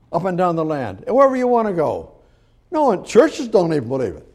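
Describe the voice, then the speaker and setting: A man preaching a sermon on scripture, emphatic and repetitive, swinging from loud pleas to quiet asides. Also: sits high, very animated, moderate pace.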